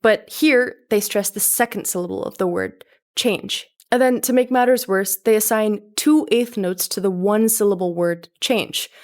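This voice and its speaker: A woman's voice: mid-range voice, moderate pace, darkish tone. A young adult woman giving sarcastic music commentary in a video, with frequent laughs. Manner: wry, sarcastic, laughs often.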